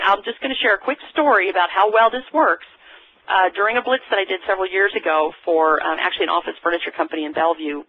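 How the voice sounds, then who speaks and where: A woman leading a sales training webinar, energetic and lively, acting out sample phone lines as she teaches. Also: medium pitch. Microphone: telephone. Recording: tinny phone-line webcast audio.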